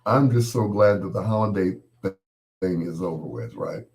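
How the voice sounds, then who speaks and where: A deep-voiced man hosts a live stream, chatting loosely and joking as he talks straight to his viewers. He is middle-aged and still getting his voice back after being ill, and his talk wanders from one aside to the next. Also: moderate pace, a little mellow. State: recovering from losing his voice. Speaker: host of a live stream show. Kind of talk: casual chat with live viewers.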